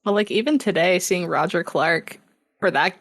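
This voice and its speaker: A woman's voice: fairly low pitch, normal speed. A young adult woman chatting casually on a podcast, easygoing and full of fillers. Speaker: community manager.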